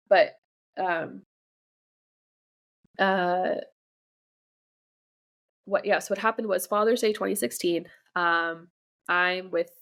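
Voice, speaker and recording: A woman's voice: lowish voice, creaky. A young woman giving a candid interview about her own life. She talks bluntly, swears freely and often stops to restart her sentences. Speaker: interview guest. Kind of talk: candid personal storytelling interview.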